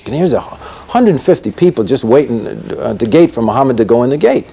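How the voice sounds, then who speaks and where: A man's voice: on the high side, a little fast. An older man, an actor, telling an anecdote in an interview and acting out every voice in it. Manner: lively storyteller acting out the voices in his story.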